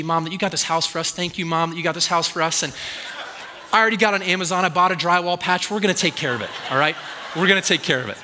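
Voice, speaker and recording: A man's voice: a little high, pushed and bright, in a large hall, slight background noise. A man voicing an overly responsible, polite fourth-grade boy in a sermon illustration.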